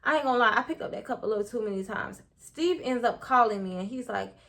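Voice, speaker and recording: A woman's voice: a little high, fast talker, fairly bright tone. A young woman telling a casual storytime to her viewers, chatty and full of slang, talking straight to the audience.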